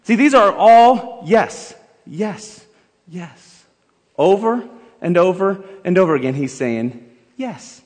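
A man preaching a sermon, emphatic and building to loud exhortation, in a church sanctuary. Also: sits high, expressive, slow, pauses often. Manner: emphatic, rising to shouted exhortation, leads the congregation in song. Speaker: pastor. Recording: long hall reverb with faint music.

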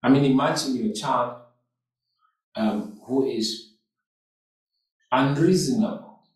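Slow-preaching man in an echoey hall. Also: medium pitch. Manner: slow, repetitive preaching with call-outs to the congregation. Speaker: pastor. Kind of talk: sermon. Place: church hall. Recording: echoey hall, mic far off.

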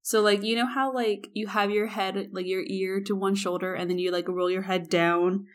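A young woman co-hosting a podcast, telling a casual story in an animated way and acting out the quotes. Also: mid-range voice, normal speed. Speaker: podcast co-host.

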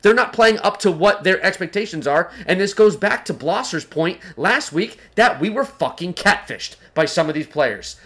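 A man's voice: sits high, pushed and bright. A man co-hosting a casual sports podcast who criticizes with fired-up, profane talk. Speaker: podcast co-host.

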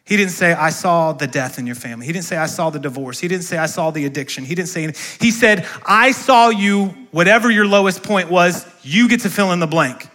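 High, bright-voiced preaching pastor. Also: male voice, fast talker, few pauses. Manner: preaching with call-and-response questions to the congregation. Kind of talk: sermon. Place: church sanctuary.

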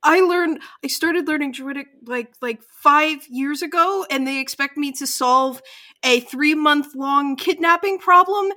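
A woman's voice: high voice, measured pace, bright, forceful tone. A woman voicing an exhausted, sleep-deprived woman town official who stammers and breaks down crying, in a tabletop game. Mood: sobbing. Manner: stammering, broken by sobs.

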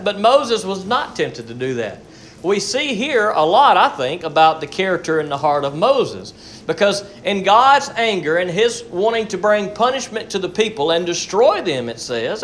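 A high-pitched man preaches a sermon, earnest and explanatory. He often repeats a word or two while he finds his next phrase. A faint hum sits under the recording. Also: a bit bright. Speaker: pastor.

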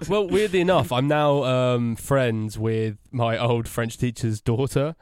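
A man's voice: medium pitch, no room sound, clean studio sound. A young man with an English accent, co-hosting a casual podcast chat, self-deprecating and laughing often. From England. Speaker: podcast co-host.

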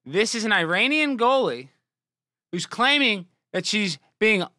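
A young adult man hosting a show, giving mocking, sarcastic commentary that swings from low muttering to loud exclamations. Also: big pitch swings, measured pace, no room sound, clean studio sound. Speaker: show host.

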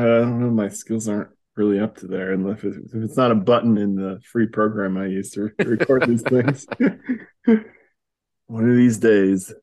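A man hosting a podcast, recapping a comic in a casual chat, chuckling often and filling pauses with ums. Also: lowish voice, a little mellow. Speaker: podcast host.

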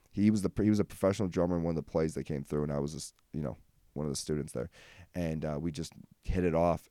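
A man's voice: low voice, mellow, no room sound, clean studio sound. A young man hosting a comedy podcast alone, rambling through stories with lots of fillers and self-deprecating jokes. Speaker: podcast host. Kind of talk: solo comedic rant.

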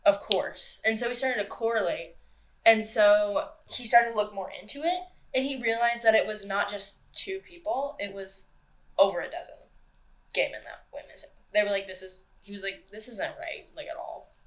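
A woman's voice: mid-range voice, moderate pace. A young woman hosting a casual true-crime podcast, telling the story loosely with swearing and acted-out quotes. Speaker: podcast host.

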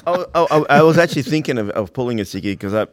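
A man's voice: mid-range voice, lively intonation, very fast. A man in a casual chat, often stumbling and repeating words as he talks. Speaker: podcast co-host.

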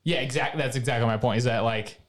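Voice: mid-range voice, quick pace. Crude, joking podcast co-host. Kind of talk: casual chat.

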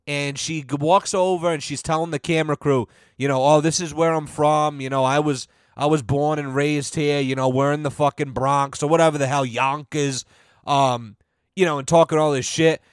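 A man hosting a comedy podcast, ranting casually and profanely, filling every pause with "you know" and acting out quoted people. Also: steady tone, clear, resonant tone, dry recording. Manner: acts out quoted voices with big pitch swings. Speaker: podcast host.

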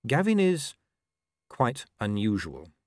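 A man's voice: medium pitch, huge pitch swings, slow pace, a little mellow, dry recording, clean studio sound. A man reading a curt, sarcastic young woman. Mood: dry. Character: young woman werewolf, blunt and dry.

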